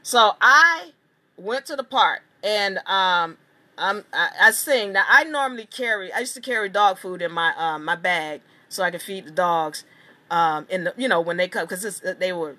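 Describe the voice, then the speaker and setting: A woman teaching a seminar, telling a long story in an emphatic, animated way and swearing casually. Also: on the low side, normal speed. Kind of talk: storytelling lecture.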